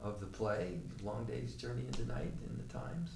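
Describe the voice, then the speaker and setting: A man's voice: mid-range voice, moderate pace, vocal fry, a little mellow, a little hiss or hum, natural voice. A man doing a dry New York theatregoer. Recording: roomy, mic far off.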